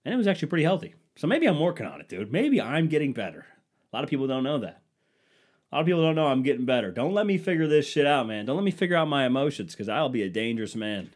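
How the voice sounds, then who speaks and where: A man's voice: medium pitch, racing. A young man hosting a podcast, telling stories casually, swearing often and getting heated when he retells arguments. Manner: profane, animated ranting when retelling arguments. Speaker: podcast host. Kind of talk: casual storytelling.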